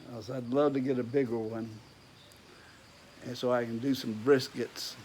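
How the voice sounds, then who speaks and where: A man's voice: mid-range voice, little pitch movement, moderate pace, darkish tone, a little hiss or hum, low-quality recording. A man from Texas with a Texas accent, chatting casually and rambling folksily to his vlog viewers. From Texas, USA. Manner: rambling, folksy, many fillers and restarts. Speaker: vlogger. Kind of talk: casual chat. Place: outdoors at home in the rain.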